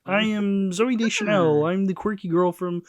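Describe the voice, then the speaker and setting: Man puts on a quirky actress in a croaky puppet-frog voice; goofy, drawn out, raised pitch. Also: fairly even intonation, lightly acted. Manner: silly, drawn-out comic delivery.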